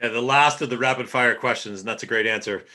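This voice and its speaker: A man hosting a podcast, chatting with a guest and giving an energetic sign-off. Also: mid-range voice, quick pace. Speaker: podcast host. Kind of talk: podcast interview chat.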